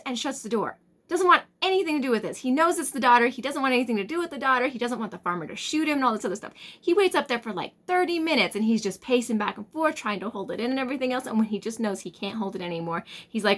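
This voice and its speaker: A woman's voice: a little high, expressive, quick pace, fairly bright tone. A young woman chatting casually to camera and telling a story, rambling with plenty of fillers. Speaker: tarot vlogger.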